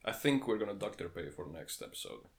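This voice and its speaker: Deep-voiced young man, deadpan co-host. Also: fast, gravelly, a little hiss or hum. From England. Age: young adult. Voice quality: deep, warm. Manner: dry, deadpan quips. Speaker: podcast co-host. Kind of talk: casual comedic chat.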